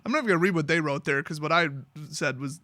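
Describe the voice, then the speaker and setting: Snarky guy riffing on a story, high bright voice, super dry sound. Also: fast talker, dry recording. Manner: sarcastic, mocking. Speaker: YouTube storyteller. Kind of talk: comedic story retelling.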